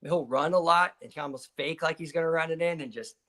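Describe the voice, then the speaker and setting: A male co-host on a sports betting show, answering picks in short, laid-back remarks. His voice sits a bit higher than most men's. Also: fast, a bit bright. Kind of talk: casual chat.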